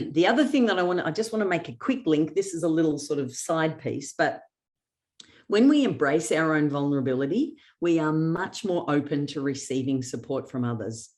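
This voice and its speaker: A middle-aged-sounding Australian woman with a notably low, slightly mellow voice presents a motivational workshop at a moderate pace. Animated and quick to laugh, she tells personal anecdotes with sarcasm and slips into the voices of the people she quotes.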